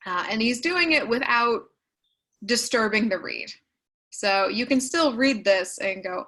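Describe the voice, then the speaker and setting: A woman's voice: on the high side, lively intonation, pushed and bright, poor audio. Casual woman teaching over a video call. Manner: casual, filler-heavy explaining with quick asides. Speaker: writing workshop teacher. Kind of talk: online class walkthrough.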